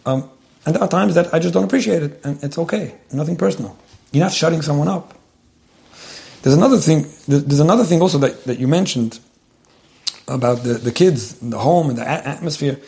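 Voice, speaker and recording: A man's voice: a little high, a little fast, creaky, dark tone. A man giving earnest, conversational marriage advice to a couple.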